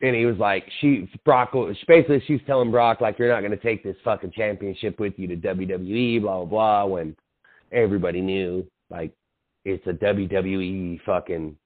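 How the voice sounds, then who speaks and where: A man's voice: on the low side, fairly even intonation, moderate pace. A young man co-hosting a podcast, telling a long, profane story with lots of acted-out quotes and fillers. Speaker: podcast co-host. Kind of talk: casual chat. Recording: tinny phone-like sound.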